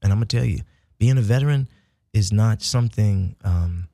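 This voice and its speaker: A low, gravelly male voice tells animated personal stories. He comes from Chicago's south side and swings between hushed, intimate moments and loud bursts, with the odd "y'all" and "baby." The sound is close and dry. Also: normal speed, no echo. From United States (south side of Chicago). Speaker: interview guest, military veteran. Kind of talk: casual storytelling conversation.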